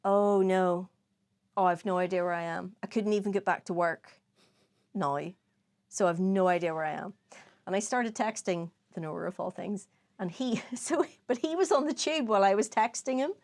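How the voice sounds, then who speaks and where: A young adult woman co-hosting a casual podcast chat, an animated storyteller who swears freely and acts out her own past lines. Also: mid-range voice, moderate pace. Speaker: podcast co-host. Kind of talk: casual chat over whiskey tasting.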